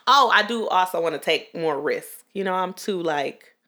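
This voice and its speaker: A woman's voice: lowish voice, expressive, unhurried, bright, forceful tone. A woman co-hosting a podcast, chatting casually and laughing often. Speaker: podcast co-host. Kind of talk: casual chat.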